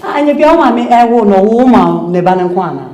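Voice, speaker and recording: A woman acts out a sharp-tongued Ghanaian woman who scolds and insults without pause. Her voice sits a touch high. Film music plays under an echoey room. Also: lively intonation, natural voice. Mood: scolding. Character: scornful, quarrelsome adult woman. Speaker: actress in a film. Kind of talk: film dialogue.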